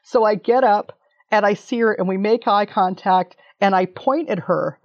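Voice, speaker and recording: A woman in her fifties telling an animated story as an interview guest, laughing often and swearing casually. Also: mid-range voice, normal speed. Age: 50s. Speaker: interview guest, documentary maker. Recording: dull lo-fi audio.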